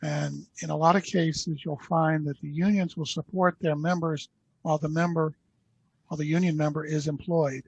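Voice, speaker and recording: A man adding a comment on a meeting call, measured and stressing key words. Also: on the high side, flat delivery, vocal fry, husky, no room sound, highs cut off. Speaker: association member on a call.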